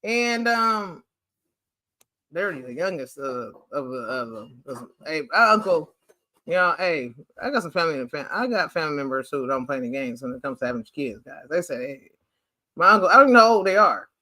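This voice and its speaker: A man hosting a casual chat over family photos, animated and playful, rambling with lots of "like". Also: a little high, normal speed, no echo. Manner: rambling, chatty, heavy use of "like". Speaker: host.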